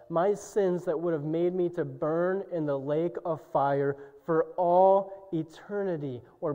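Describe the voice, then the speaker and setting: A young man preaching a sermon, swinging from shouted climaxes to low, quiet passages. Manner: impassioned preaching, soaring to shouts and dropping low. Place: church sanctuary. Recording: dull recording with long church reverb.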